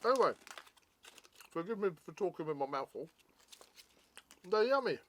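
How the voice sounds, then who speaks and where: A man's voice: a little high, expressive, a little fast, fairly bright tone, slight background noise. A man co-hosting a casual product review, chatty and jokey, explaining things at length.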